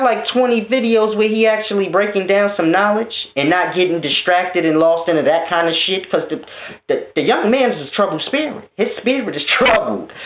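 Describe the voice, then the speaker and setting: A man ranting in a casual spiritual vlog monologue, profane and animated, often laughing. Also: sits high. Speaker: spiritual vlogger. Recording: tinny phone-like echoey sound.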